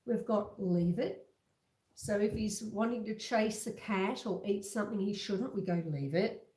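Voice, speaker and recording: A woman hosting a casual home livestream, chatting slowly with viewers and reading out their comments. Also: mid-range voice, warm tone, roomy sound. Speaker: livestream host. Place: home kitchen. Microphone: computer webcam.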